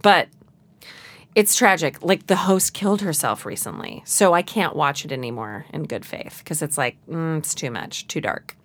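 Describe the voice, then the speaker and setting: A woman's voice: sits low, moderate pace, a bit bright. A woman guest in casual conversation who tells chatty stories dramatically, acting out quotes. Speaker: guest, singer. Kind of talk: casual chat.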